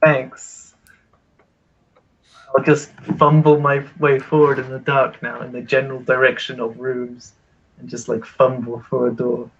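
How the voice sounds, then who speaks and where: A man's voice: medium pitch, little pitch movement, a little slow, lo-fi sound, a little hiss or hum. A man playing a tabletop game, joking in a playful, mock-helpless way. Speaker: player. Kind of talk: casual tabletop role-play.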